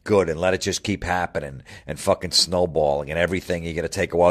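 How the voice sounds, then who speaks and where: A radio host with a very low, slightly bright voice goes off on a heated monologue, talking fast with hardly any pauses. He swears freely and heaps sarcasm on the people he's mocking.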